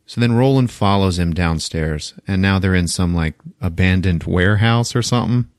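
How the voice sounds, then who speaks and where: Man, podcast host, low voice, casual, swears a lot, dry sound. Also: moderate pace, smooth, dry recording. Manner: laid-back, swears often, laughs a lot. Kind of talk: casual movie recap.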